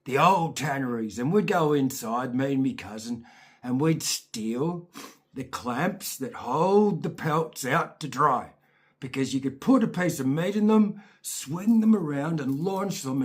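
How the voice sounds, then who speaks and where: A man's voice: on the high side, husky. A man telling a rambling, profane childhood story in a casual, chatty way.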